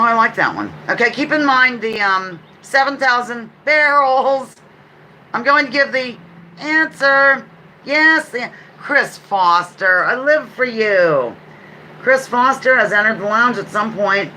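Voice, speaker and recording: A woman's voice: a little high, pushed and bright, slight background noise, low-quality recording. A woman hosting a casual live-stream trivia game, reading out questions and answers with playful asides. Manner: chatty, playful asides, reads questions aloud. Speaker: livestream trivia host.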